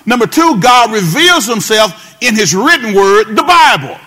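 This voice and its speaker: High-pitched male pastor, call-and-response sermon, sing-song repeats. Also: sing-song, unhurried, sharp tone.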